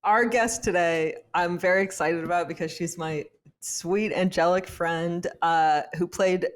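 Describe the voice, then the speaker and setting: A woman's voice: on the low side, fairly even intonation, measured pace. A woman co-hosting a podcast in casual chat, talking with fillers and frequent laughs. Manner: chatty, laughs often, many fillers. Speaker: podcast co-host.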